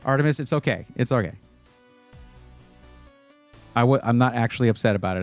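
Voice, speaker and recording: A man with a medium-pitched, gravelly voice speaks fairly quickly but pauses often, with soft music in the background. On his casual livestream he reads viewer comments and rambles through computer buying advice, chatty and playful with the chat and prone to restarting phrases.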